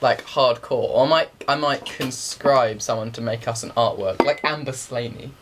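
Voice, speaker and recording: A man's voice: medium pitch, moderate pace, very noisy. A young man, co-hosting a podcast in casual, teasing banter and laughing often. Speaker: podcast co-host.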